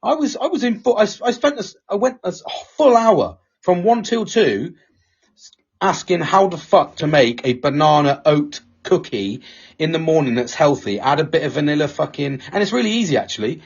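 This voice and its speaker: Sweary, rambling man with a husky voice. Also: on the high side, very animated, moderate pace, lo-fi sound. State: tension headache. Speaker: podcast co-host. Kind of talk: casual chat.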